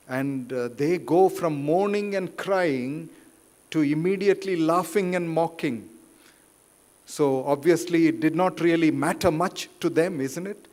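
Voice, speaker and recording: A man preaching a sermon in a church, rising loud for quotes and dropping quiet. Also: mid-range voice. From India. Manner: slow, deliberate, rises loud for quotes then drops quiet. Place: church hall. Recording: reverberant church hall.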